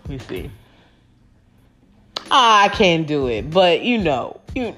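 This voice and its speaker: A woman's voice: low voice, sing-song, takes it slowly, pauses often, a bit bright, soft background music. A woman chatting casually to her viewers, rambling with lots of fillers and restarts and calling them y'all. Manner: talks to her audience as y'all. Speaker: vlogger recapping a reality show.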